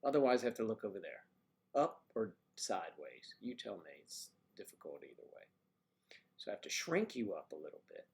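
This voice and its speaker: Male livestream host, gravelly, lively pitch, chatty and teasing, greeting viewers by name. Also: fairly quick. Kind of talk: casual livestream chat.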